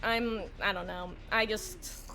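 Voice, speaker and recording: A woman streaming a game live, pleading and exasperated, swinging between loud outbursts and low muttering. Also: fairly even intonation, slow pace, background noise.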